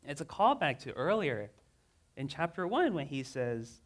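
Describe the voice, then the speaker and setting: A man with a medium-pitched voice preaches a sermon fairly quickly in a casual, conversational way. He's earnest, reading scripture aloud dramatically as his emotion rises.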